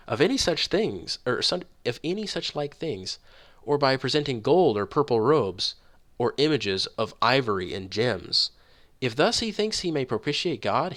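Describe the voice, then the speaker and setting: A man reading early writings aloud and commenting on them in an emphatic way, slowing down and pushing hard on key words. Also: medium pitch, fairly bright tone. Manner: emphatic, rising on key words, slows down for stress. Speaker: online religious commentator.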